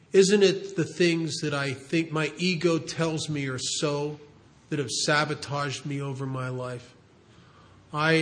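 A man speaking at a recovery meeting, telling a story in an earnest, animated way. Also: a little high. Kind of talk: storytelling talk.

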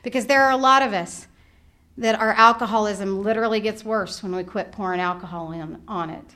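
Talking a little fast in a mid-range voice, a middle-aged woman shares a humorous story at a recovery workshop. She's lively and performs her own thoughts aloud.

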